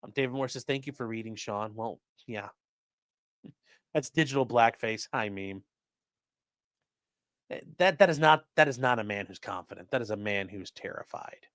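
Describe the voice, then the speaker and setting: A man's voice: fairly low pitch, moderate pace, pauses often, a bit bright, no echo, studio quality. A man doing mocking, sarcastic live-stream commentary while reading chat, swearing often.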